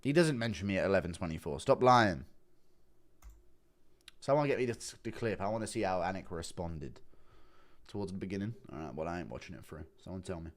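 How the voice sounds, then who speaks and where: A man hosts a casual livestream, reacting to a clip and answering chat messages. His pitch jumps around a lot as he talks. He is blunt and rambling, and he swears freely. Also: animated, brisk, long pauses. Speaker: livestream host reacting to a podcast.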